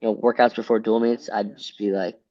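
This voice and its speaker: A man's voice: fairly low pitch, flat delivery, fairly quick. A man in his late twenties from Pennsylvania, a former wrestler telling stories in an interview, rambling and restarting with lots of fillers. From Pennsylvania, USA. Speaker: guest, former college wrestler. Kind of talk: casual interview storytelling. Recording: slightly dull lo-fi sound.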